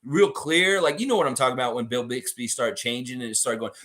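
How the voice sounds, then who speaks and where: A man's voice: medium pitch, fast. A man hosting a fan show, telling stories and chatting with viewers in a casual, profane way. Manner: animated, profane storytelling. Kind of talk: casual livestream chat with viewers.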